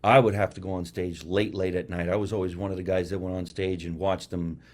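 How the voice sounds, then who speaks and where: A man, talking in a low voice in casual comedy chat. He tells stories with energy and acts out the voices of the people in them. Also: brisk. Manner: animated storyteller, acts out quotes. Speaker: podcast host.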